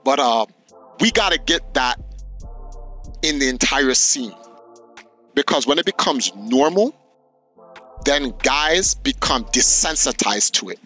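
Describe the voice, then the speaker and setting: A man hosting a podcast, telling stories in an animated, slangy way with lots of swearing. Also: mid-range voice, slow pace, pauses often, soft background music. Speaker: podcast host. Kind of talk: casual podcast chat.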